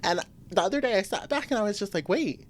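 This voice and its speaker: A young woman hosting a casual solo podcast, venting animatedly with frequent laughs. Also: fast talker. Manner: animated, venting, laughs often, swings to high exclamations. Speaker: podcast host.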